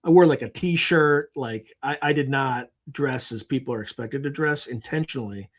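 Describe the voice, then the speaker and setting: Male podcast guest, lively anecdote-teller, mid-range voice. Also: medium pitch, moderate pace. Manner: animated storyteller who acts out quotes. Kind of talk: conversational interview.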